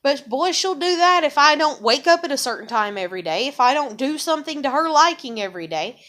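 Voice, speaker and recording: A woman's voice: high-pitched, expressive, brisk, fairly bright tone. A woman venting angrily to the camera, repeating herself and swearing heavily. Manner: angry, repetitive, swears heavily. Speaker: vlogger. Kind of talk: profane venting monologue.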